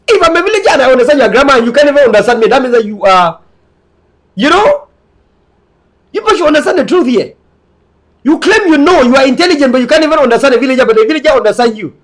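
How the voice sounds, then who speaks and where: High-voiced man lecturing emphatically. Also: fairly bright tone. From Cameroon. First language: not English. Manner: emphatic, repetitive, preaching. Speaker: online commentator. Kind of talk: lecturing monologue to viewers.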